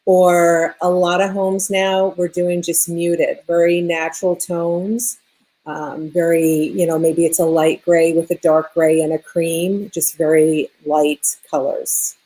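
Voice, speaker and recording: A woman's voice: lowish voice, slow. A woman with a New York accent, an interior designer talking casually as a radio guest and thinking aloud as she goes. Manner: relaxed, thinking aloud with fillers.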